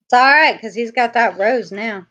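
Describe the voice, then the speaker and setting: A woman with a fairly high voice tosses off playful, teasing remarks while watching a film. She rambles into loose theories between jokes. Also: normal speed, fairly bright tone, muffled recording. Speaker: podcast co-host. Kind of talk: casual movie commentary.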